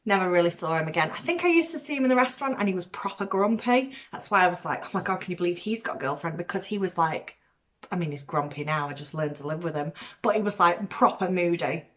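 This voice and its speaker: A woman from Manchester with a softened Mancunian accent, chatting casually to camera as a vlogger, rambling with ums and laughs. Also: lowish voice, lively intonation, fast talker. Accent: weakened Mancunian, softened by years in Cornwall. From Manchester, England.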